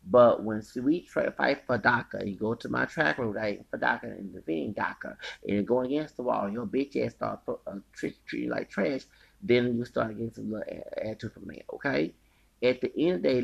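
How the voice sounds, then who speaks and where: A man with a gravelly, husky voice rants without a script, cursing and circling back to the same points. He swings between loud, heated outbursts and low, half-mumbled asides. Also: muffled recording. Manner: rambling, profane, repeating himself. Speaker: podcaster. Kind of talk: angry unscripted rant.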